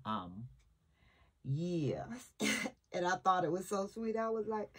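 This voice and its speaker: Rambling older woman, slow and husky. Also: fairly low pitch, very animated, a bit bright. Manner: chatty, jumps between topics, emotional. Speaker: vlogger. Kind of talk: casual rambling chat. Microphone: camera nearby.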